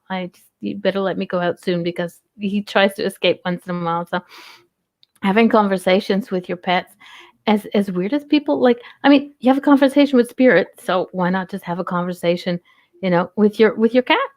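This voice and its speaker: A woman hosting a casual chat, talkative and quick to laugh while telling stories about her own cats. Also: medium pitch, a little mellow, no echo. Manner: talkative, laughs often, tells anecdotes. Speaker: host.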